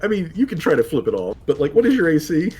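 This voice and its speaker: A man's voice: fairly high pitch, huge pitch swings, fast, a little mellow, husky. A man running a tabletop game as game master, narrating loosely with laughs, swearing and restarts. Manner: laughing, loose and profane, stumbles over words.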